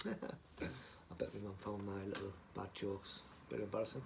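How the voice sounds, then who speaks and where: A man chatting casually on a live stream, rambling, joking and swearing, muttering asides and then loudly greeting viewers. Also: fairly low pitch, little pitch movement, normal speed, vocal fry, a little hiss or hum.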